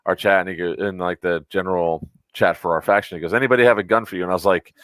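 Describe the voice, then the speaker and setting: A man from Florida with a lowish voice, talking casually on a podcast. He teases and jokes, and he rambles with plenty of fillers. The sound is dry and close. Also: fast, a bit bright, no room sound. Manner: joking, teasing, rambling with fillers. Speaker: podcast co-host. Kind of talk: casual chat.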